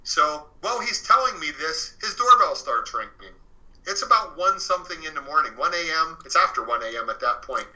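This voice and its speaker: A man tells his story as an interview guest, speaking earnestly and often circling back with fillers and restarts. His voice has a sharp, very bright edge, heard through slightly muffled, lo-fi audio. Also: fairly high pitch, expressive, brisk.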